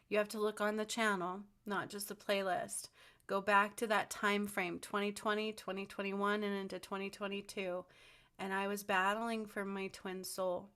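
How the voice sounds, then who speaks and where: A woman's voice: medium pitch, bright, forceful tone, clear, resonant tone. A woman earnestly and insistently preaching her spiritual beliefs in a commentary vlog. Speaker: spiritual vlogger.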